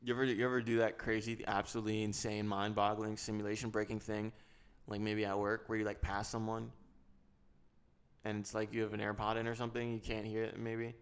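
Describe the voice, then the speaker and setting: Gravelly man rambling on a podcast. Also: fairly low pitch, completely flat delivery, a little fast. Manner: rambling, joking, self-mocking. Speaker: podcast host. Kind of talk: casual solo podcast chat.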